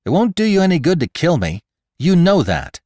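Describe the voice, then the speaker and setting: An actor voicing a calm, logical, reasonable man who explains things earnestly in a storybook reading. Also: fairly high pitch, moderate pace, no room sound, clean studio sound, voice pushed up. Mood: insistent.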